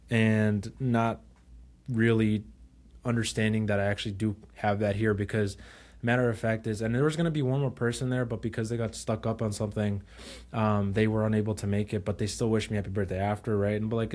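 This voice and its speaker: A young man co-hosting a podcast, casually retelling a story, acting out quotes and switching into Spanish now and then. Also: fairly low pitch. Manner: animated retelling, acts out quotes. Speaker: podcast co-host.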